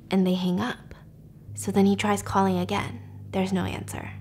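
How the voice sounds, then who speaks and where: A woman hosting a podcast, casually retelling a thriller plot with animated delivery that sometimes drops to a whisper for suspense. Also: mid-range voice, normal speed, a little hiss or hum. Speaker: podcast host. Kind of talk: casual story recap.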